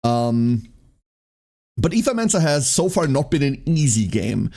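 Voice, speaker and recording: A man's voice: medium pitch, big pitch swings, unhurried, dark tone. A man streaming live, chatting casually with his chat, rambling and often breaking into laughter.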